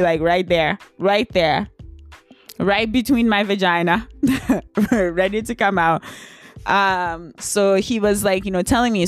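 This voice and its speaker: A young woman telling a personal story in a candid, blunt, emotional way, laughing often. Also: mid-range voice. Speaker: vlogger. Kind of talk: casual storytime.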